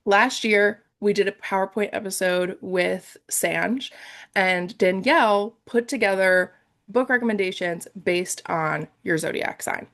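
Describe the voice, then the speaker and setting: A woman's voice: medium pitch, unhurried, a bit bright. A young woman co-hosting a podcast, sounding a bit congested, chatting casually and rambling with lots of fillers. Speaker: podcast co-host. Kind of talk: casual chat.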